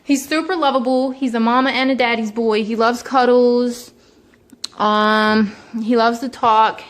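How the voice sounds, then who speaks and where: A young woman casually introducing her pet cats at home, chatty, sometimes slipping into high baby talk for them. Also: fairly even intonation, a little slow. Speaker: vlogger. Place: home, indoors.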